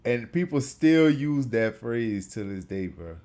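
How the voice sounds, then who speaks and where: A man's voice: mid-range voice, lively intonation, a little slow, warm tone. A man hosting a reaction video who talks in a laid-back, chatty way with slang. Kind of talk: casual reaction commentary.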